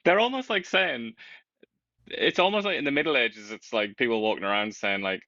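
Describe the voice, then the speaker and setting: A man giving casual political commentary, animated and sarcastic, often laughing as he talks. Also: mid-range voice, brisk, dry recording. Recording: dull lo-fi sound.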